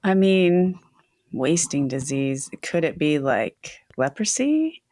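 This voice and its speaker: A woman's voice: low voice, sing-song, slow, warm tone, no echo. A woman playing pub trivia on a podcast, reasoning aloud and hedging her guesses. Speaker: trivia contestant. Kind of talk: casual podcast banter.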